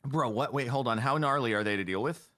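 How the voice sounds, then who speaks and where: A young man chatting casually while playing a game with friends, easily startled into rapid alarmed exclamations. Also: medium pitch, bright, forceful tone, no room sound, clean studio sound. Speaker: gamer. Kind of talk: casual gaming chat.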